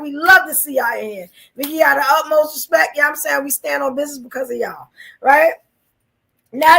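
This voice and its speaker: High, gravelly-voiced woman podcast host. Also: a bit bright. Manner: chatty, repeats "you know what I'm saying". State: losing her voice. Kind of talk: casual live-stream chat.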